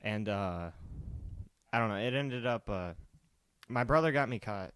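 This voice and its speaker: A young man co-hosting a podcast, telling a story casually and profanely, quoting people in a lowered voice. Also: lively intonation, measured pace, a bit bright, clear, resonant tone, dry recording. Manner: profane, laid-back, quotes people in a lowered voice. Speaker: podcast co-host.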